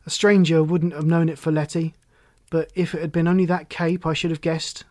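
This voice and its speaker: A man reading the part of an earnest young man returning home, speaking in a lively, emphatic way. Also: on the high side, brisk, no echo, studio quality, lightly acted.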